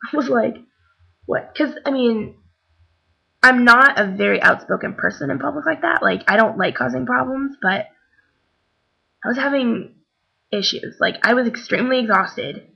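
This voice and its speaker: A woman's voice: fairly high pitch, measured pace, vocal fry, pauses often, bright, forceful tone, breathy edge, low-quality recording. A young woman casually telling a story to the camera, chatty, with many fillers, acting out what others said. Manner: chatty, many fillers, acts out quoted voices.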